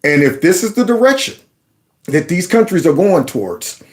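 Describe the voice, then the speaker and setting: A man's voice: high voice, very animated, normal speed. A man hosting his own commentary channel, reacting to a news clip in an incredulous, ranting way and acting out quotes.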